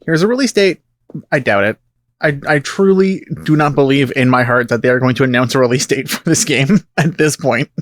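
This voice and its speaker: A man from Canada talking as a podcast guest, measured and emphatic. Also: medium pitch, no echo, studio quality. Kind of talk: casual podcast chat.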